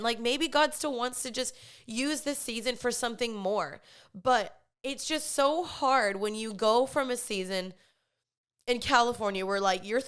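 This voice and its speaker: A woman's voice: a little high, clean tone. A young woman hosting a podcast, talking in an earnest, confessional way about her faith and personal life, with many "like" fillers. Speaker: podcast host. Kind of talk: candid faith-based personal chat.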